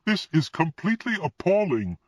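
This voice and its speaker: A man voicing a distraught, sharp-tongued middle-aged woman in an audiobook, speaking in a raised, emphatic voice. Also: sing-song, normal speed, husky, dry recording, clean studio sound. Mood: indignant. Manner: raised pitch, emphatic and indignant. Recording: dull lo-fi recording.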